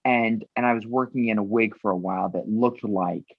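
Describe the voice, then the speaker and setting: A woman's voice: extremely low pitch, fairly quick, dry recording. A middle-aged woman, an actress and producer, being interviewed on a podcast. She rambles animatedly through her stories and acts out other people's voices. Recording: dull, dry remote recording.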